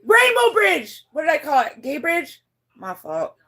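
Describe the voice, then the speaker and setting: Very animated at a moderate pace, this woman tells her livestream chat a personal story in a rambling, blunt way, swearing liberally and restarting her sentences often. When emotion hits, her voice goes high.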